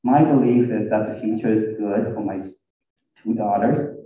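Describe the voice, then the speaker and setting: A man speaking as a parent at a community school forum, in slow, halting, earnest public comment. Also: fairly low pitch. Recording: echoey hall, distant tinny mic.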